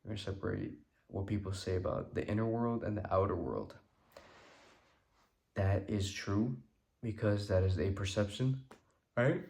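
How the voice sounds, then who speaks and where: This creator discusses manifestation in a casual spiritual talk to camera, his lowish voice creaky and darkish. Tired and yawning, he rambles loosely, repeatedly asks "right?", and slows his pace to stress points.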